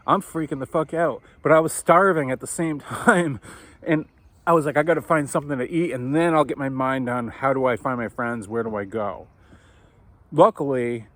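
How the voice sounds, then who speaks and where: Man telling a story casually, swearing. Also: on the high side. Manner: animated, swearing, acts out quoted voices.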